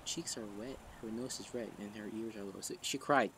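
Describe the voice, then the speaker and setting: A man's voice: fairly low pitch, moderate pace, background noise. A man narrating a story casually, rambling and thinking aloud with fillers as he reads. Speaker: story narrator and channel host.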